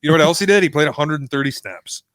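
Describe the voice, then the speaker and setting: A man's voice: fairly high pitch, fast, a bit bright, no room sound, studio quality. A man co-hosting a college football podcast, chatting casually with wry, self-mocking humor. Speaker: podcast co-host. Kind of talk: casual sports chat.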